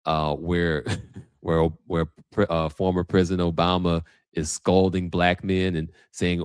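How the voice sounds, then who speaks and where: A man's voice: low-pitched, little pitch movement, unhurried, clear, resonant tone, no room sound, studio quality. A man hosting a livestream, talking casually and thinking aloud with many restarts. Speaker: host. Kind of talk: livestream commentary.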